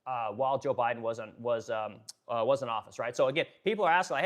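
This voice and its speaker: A man from Oregon giving a casual political rant to his viewers, animated, swearing, and ending lines with "right?". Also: medium pitch, fast, hardly any pauses. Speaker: political commentator.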